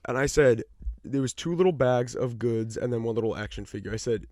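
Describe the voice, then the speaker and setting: A man's voice: medium pitch, brisk, dry recording, clean studio sound. A man co-hosting a podcast, telling a story in casual chat and acting out the people in it, swearing freely. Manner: animated, acts out the people in his stories, swears freely. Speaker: podcast co-host.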